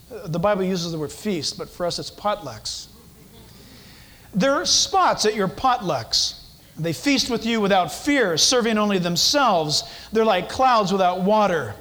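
A male pastor with a notably high voice delivering a sermon. He drives his points home by repeating phrases and throwing rhetorical questions at his listeners. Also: expressive, measured pace, a bit bright, rough recording. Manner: emphatic, repetitive, rhetorical questions.

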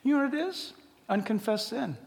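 An older man preaching a sermon as a pastor, joking and animated, dropping suddenly to a quiet voice. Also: very high-pitched, moderate pace, vocal fry. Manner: humorous, animated storytelling with sudden drops to quiet. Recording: echoey hall.

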